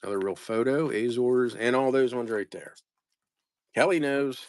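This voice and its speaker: A man's voice: medium pitch, moderate pace, a little mellow, dry recording. A man selling postcards on a live stream, casually rambling as he reads out place names and chats with viewers by name. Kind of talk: casual live-sale commentary.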